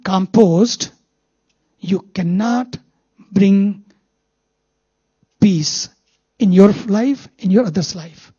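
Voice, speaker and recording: A spiritual teacher speaking English with an Indian accent, telling stories and slowing down to stress the main lesson. The voice is husky and close, with a dry sound and no room echo. The recording is dull and lo-fi, like live talk audio. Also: medium pitch, a little mellow. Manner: storytelling, repeats key phrases slowly for emphasis.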